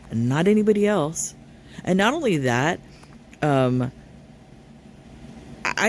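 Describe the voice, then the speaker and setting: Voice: mid-range voice, darkish tone, slight background noise. A streamer reacting to a clip with sarcastic, scolding commentary.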